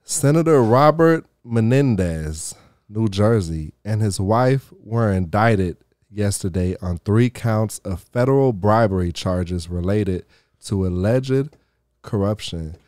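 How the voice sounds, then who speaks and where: A man co-hosting a podcast, bantering excitably and reading the news aloud. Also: fairly low pitch, no room sound, studio quality. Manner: excitable, quick banter, laughs a lot. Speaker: podcast co-host.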